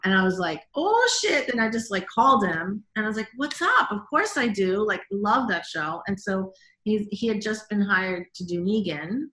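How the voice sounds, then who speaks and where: Animated woman guest director, bright-toned, chatty, roomy sound. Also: mid-range voice. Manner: animated, quick, many "like"s and quoted reactions. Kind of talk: casual interview storytelling.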